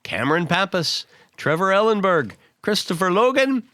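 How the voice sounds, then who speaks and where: A hoarse man with bronchitis co-hosting a podcast, reading names with playful banter. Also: high voice, very animated, normal speed, sharp tone, no echo. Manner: playful, reads a long list of names. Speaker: podcast co-host. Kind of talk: casual chat.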